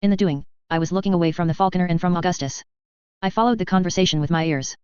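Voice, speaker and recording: A woman reads a novel aloud in the first person, her storytelling steady and tense as she moves along at a quick pace. Her voice is very clear and slightly low. The audiobook recording is close and dry, with a somewhat dull, muffled high end.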